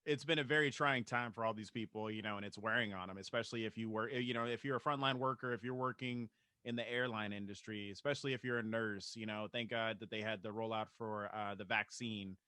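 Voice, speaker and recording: Bright-voiced earnest male podcast host. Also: on the low side, steady tone, fast, clear, resonant tone, dry recording. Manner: earnest, filler-heavy. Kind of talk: casual chat.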